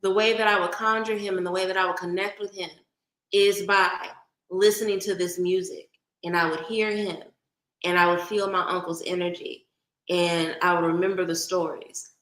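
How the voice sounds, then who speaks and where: A woman's voice: fairly low pitch, steady tone, moderate pace, fairly bright tone, echoey room, poor audio. A woman from Oakland with a light Bay Area accent, chatting casually with viewers on a livestream and greeting them by name. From Oakland, California. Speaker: livestream host.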